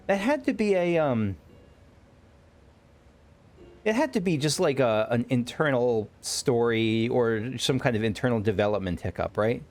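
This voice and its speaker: A man's voice: medium pitch, animated, measured pace. A man giving casual let's play commentary, rambling and correcting himself with wry asides.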